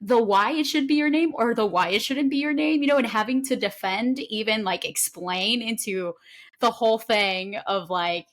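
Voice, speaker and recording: A woman's voice: a little high, moderate pace. A woman from Honduras, hosting a podcast interview in casual chat, often restarting her sentences. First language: Spanish. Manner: warm affirming talk with frequent restarts. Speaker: podcast host.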